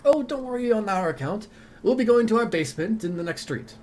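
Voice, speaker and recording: A man's voice: high-pitched, expressive, brisk, darkish tone, slight background noise, pitched above the performer's own voice. A proud old dwarf woman who runs a theater troupe, voiced by a man reading game dialogue aloud, talking in a lifted, swooping voice. She stays fussy and grand, every phrase delivered like it belongs on a stage. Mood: grand, dignified.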